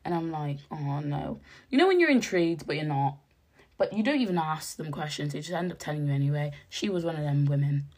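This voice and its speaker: Young woman host, husky and hoarse, lowish voice, slangy storytelling. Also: fast talker. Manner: animated, slangy, jumps to high exclaims when quoting. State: hoarse after a night out. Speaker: podcast host. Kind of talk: casual chatty storytelling.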